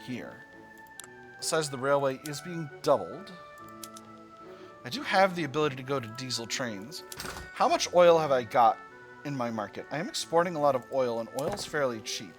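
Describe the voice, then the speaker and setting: A man talks through his moves in a strategy game, thinking aloud in a relaxed, chatty way. His pitch swings widely, jumping into playful high squeals when something pleases him. Game music plays clearly behind him. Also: normal speed, long pauses. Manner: musing, playful asides, sudden high squeals of delight. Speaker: strategy game let's-player. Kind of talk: casual gameplay commentary.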